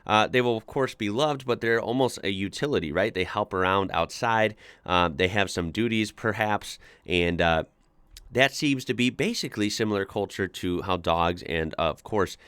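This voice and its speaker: A man's voice: fairly low pitch, moderate pace, fairly bright tone, smooth, no echo. A man from the United States hosting a casual online reaction video, reading forum posts aloud and chatting about them with many filler words. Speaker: YouTube reaction host.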